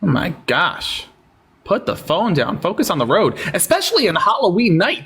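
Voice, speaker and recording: Animated sarcastic man hosting a livestream. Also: high-pitched, normal speed, husky. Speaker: livestream debate host. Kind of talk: casual live-stream chat and debate.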